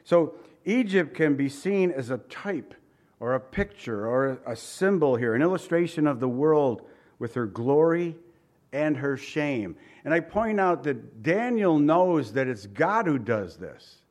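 A man preaching a sermon in a conversational way, asking the congregation rhetorical questions and reading scripture aloud slowly and with emphasis. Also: a little high, animated, darkish tone. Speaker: pastor.

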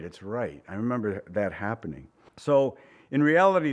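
Here a pastor speaks to his congregation as if in conversation, firing questions at them. He brings quoted voices to life by swinging his pitch dramatically up and down.

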